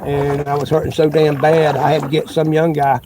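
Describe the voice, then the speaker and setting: Middle-aged man, casual live-stream vlogger, folksy and rambling, loud wind over a phone mic. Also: fairly high pitch, little pitch movement, normal speed. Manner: rambling, folksy, many restarts. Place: kayak on a windy lake outdoors.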